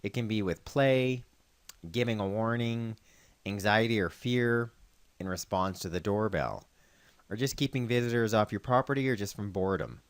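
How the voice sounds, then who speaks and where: A man working as a veterinarian host, explaining dog training in a calm, instructional way. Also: fairly low pitch, normal speed, smooth, no echo. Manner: calm instructional, calling dogs loudly and praising them. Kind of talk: scripted narration with outdoor demonstration.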